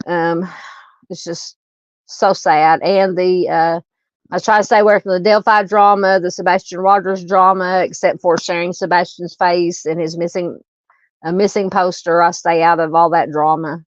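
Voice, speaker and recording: Hiccuping as she goes, a middle-aged Southern woman casually runs a live true crime stream, rambling through viewer greetings and comments with many fillers and restarts. Her voice is lowish, with no room sound and the highs cut off.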